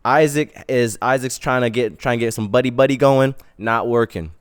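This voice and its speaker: Man, podcast host, animated slangy storytelling, clear resonant voice. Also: mid-range voice, a little fast.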